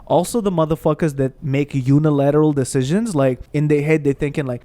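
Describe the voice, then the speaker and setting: A young man hosting a gaming channel, ranting in a heated, profane, animated way while he plays. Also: fairly high pitch, brisk, few pauses. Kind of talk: ranting commentary over gameplay.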